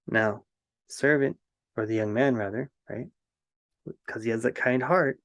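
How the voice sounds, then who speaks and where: A man tells an old fairy tale in a gentle, reflective manner, then muses on its meaning. His voice sits in a middle male register. The sound is dry and close, with no room echo. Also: medium pitch, unhurried, long pauses. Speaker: storyteller.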